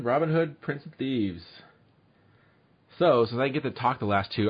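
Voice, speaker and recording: A man's voice: mid-range voice, muffled recording. A man co-hosting a podcast in casual chat, keeping the segments moving with short remarks. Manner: moves the show along, brief remarks. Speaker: podcast co-host.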